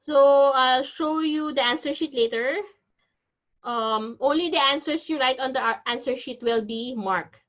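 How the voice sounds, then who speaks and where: A woman's voice: high voice, measured pace, fairly bright tone. A woman teaching an online exam-prep class, explaining step by step in a chatty, reassuring way. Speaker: IELTS teacher. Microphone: video call. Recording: dull video-call audio.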